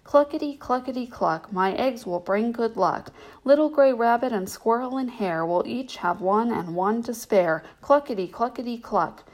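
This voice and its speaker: A woman voicing a fussy, gentle hen who sings clucking songs, for a bedtime storybook. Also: mid-range voice, expressive, moderate pace, hardly any pauses, natural voice. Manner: sing-song, clucking.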